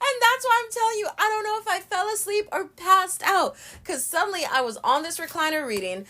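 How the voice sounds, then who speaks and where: A young woman hosting a podcast, telling stories in a lively, casual way, laughing and swearing as she goes. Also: extremely high pitch, brisk. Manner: animated storytelling, swearing, laughing often. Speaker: podcast host.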